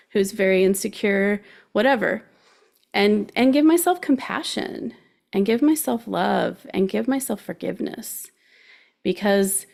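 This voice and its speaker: A woman's voice: medium pitch, gravelly, darkish tone. A woman hosting a guidance show, talking through emotions in a chatty, encouraging way and laughing easily. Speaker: show host giving life guidance. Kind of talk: casual coaching talk.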